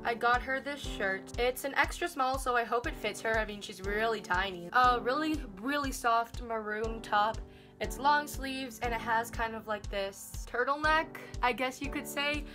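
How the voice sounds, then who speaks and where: A woman's voice: a little high, over music. Chatty young woman vlogging. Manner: chatty, upbeat, quick asides. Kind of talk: casual vlog chat. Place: indoors at home.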